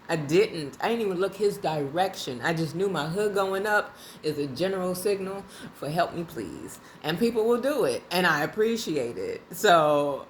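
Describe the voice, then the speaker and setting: A woman vlogger telling a casual story in a lively, colloquial way, often breaking into laughter. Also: fairly low pitch, slight background noise. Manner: animated, laughing, colloquial and conversational.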